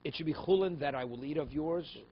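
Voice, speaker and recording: A rabbi leads a Talmud class in a somewhat high voice, reading Aramaic lines and explaining them in English. He keeps checking in with his students. The recording is a little dull, with faint room noise behind him. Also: brisk. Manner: mixes Aramaic quotes into English, asks "okay?" and "right?" often.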